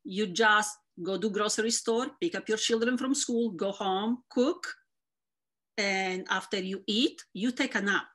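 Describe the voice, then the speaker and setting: A woman's voice: mid-range voice, measured pace. A middle-aged woman from Italy with a thick Italian accent, chatting as an interview guest about her work and life. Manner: thick accent, animated storytelling. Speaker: guest, Instagram content creator. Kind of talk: casual interview chat.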